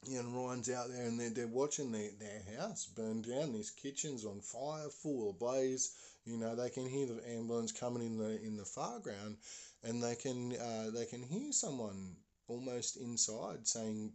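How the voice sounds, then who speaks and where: A man's voice: medium pitch, a little mellow. A man hosting a podcast, telling a story in a loose, rambling way with fillers and sound words. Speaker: podcast host. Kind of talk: casual spoken storytelling.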